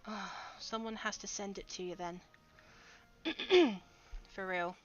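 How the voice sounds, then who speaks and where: A woman's voice: medium pitch, animated, slow, lo-fi sound. A woman streaming a game, chatting casually with her viewers and laughing often. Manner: giggly, chatty, talks to chat. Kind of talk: casual livestream commentary.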